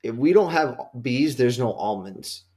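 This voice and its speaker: A man in a casual podcast chat, speaking loosely with lots of fillers and restarts. His voice sits at a medium pitch, neither high nor low. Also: animated, unhurried, darkish tone, breathy edge. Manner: loose and conversational, full of "like" and restarts. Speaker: podcast co-host.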